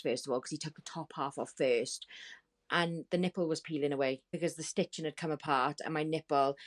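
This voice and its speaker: A woman guest on a talk show, telling a painful story in a halting, distressed way with many restarts. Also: low-pitched. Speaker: podcast guest. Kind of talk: emotional storytelling.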